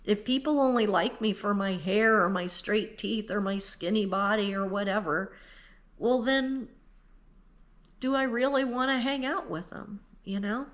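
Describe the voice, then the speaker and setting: A woman's voice: mid-range voice, unhurried. A woman in her fifties giving an earnest, emotional devotional talk, speaking straight to the listener and tearful at times. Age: 50s. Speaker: Christian speaker.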